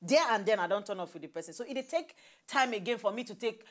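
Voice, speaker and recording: A woman's voice: mid-range voice, expressive, fast. A young Nigerian woman co-hosting a TV talk show, chatting casually in Pidgin and laughing often.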